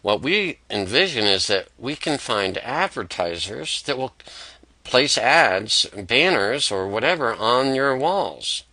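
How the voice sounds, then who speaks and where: A man voicing an eager woman advertising executive, speaking slowly with a slightly raised voice. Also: medium pitch, big pitch swings, bright, forceful tone, no echo, full character voice, low-quality recording.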